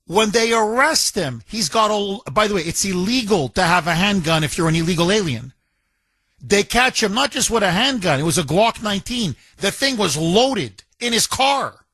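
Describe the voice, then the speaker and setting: Male talk radio host, sarcastic and outraged, bright tone, dry studio mic. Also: high-pitched, expressive, moderate pace, no echo. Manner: mocking, indignant, mimics others in a whiny voice. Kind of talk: opinionated talk radio monologue.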